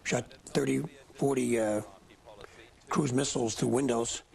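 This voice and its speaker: Gravelly man commenting live on news. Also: mid-range voice, steady tone, normal speed, a little mellow. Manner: emphatic, admiring, with many restarts. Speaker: military analyst.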